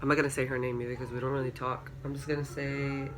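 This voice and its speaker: A young man vlogging a storytime, rambling through a dream with constant filler words and rising into excited shrieks when he quotes himself. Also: fast talker, noisy background. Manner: excited, rises to high-pitched shrieks when quoting himself. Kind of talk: storytime vlog. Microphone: camera.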